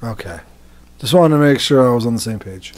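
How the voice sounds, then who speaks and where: A man's voice: mid-range voice, animated, fairly quick. A man co-hosting a satirical podcast, swearing freely and ranting with crude humor. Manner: profane, ranting, crude jokes. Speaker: podcast co-host. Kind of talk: casual satirical chat.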